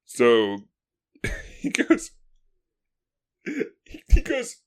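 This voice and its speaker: A male podcast co-host in casual history chat, animated, acting out historical figures in quick asides and laughing often. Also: mid-range voice.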